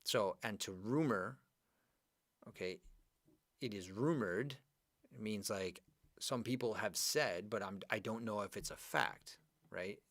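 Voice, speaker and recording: Male teacher for a live online class. Fairly low voice, chatty and animated, dry close recording. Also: a little slow, pauses often, dry recording. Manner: chatty, animated, talks to students by name. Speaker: English teacher. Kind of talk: live online grammar lesson.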